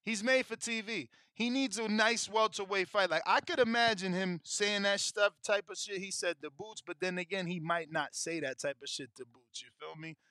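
A man's voice: high voice, fairly even intonation, normal speed, hardly any pauses, bright, forceful tone, no room sound, clean studio sound. A man hosting a boxing show, chatting casually and ranting emotionally with heavy slang and swearing. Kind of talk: casual chat about betting and fights.

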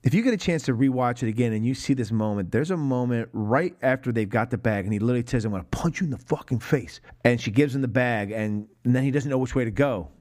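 A man's voice: mid-range voice, quick pace, hardly any pauses. A man in the middle of his range talks films on a podcast, gushing and cursing as he goes. He keeps jumping into little acted-out quotes from the scenes he loves. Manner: excited, profane, acts out movie quotes. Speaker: podcast host. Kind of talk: casual film discussion.

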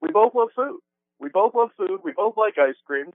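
A man's voice: high voice, expressive, moderate pace, dry recording. Man calling in on a muffled line. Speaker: caller. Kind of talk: casual comedic call-in chat. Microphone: phone line.

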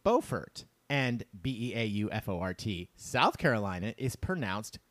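A man's voice: lowish voice, moderate pace, a bit bright, no echo. A man co-hosting a casual podcast, reading listener emails aloud and chatting with his co-host. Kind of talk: casual chat.

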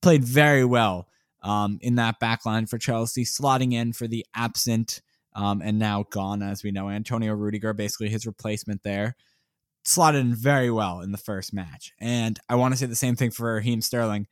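A man's voice: lowish voice, steady tone, moderate pace, clear, resonant tone, no echo, studio quality. Chatty male sports podcast host. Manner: chatty, laughs, hesitant with "um" and "like". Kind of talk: casual sports chat.

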